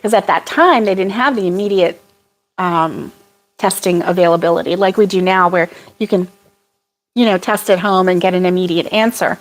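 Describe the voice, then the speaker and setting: A woman's voice: fairly low pitch, moderate pace. A woman hosting a casual livestream chat, chatty and apologetic, laughing often as she reads viewer comments. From United States.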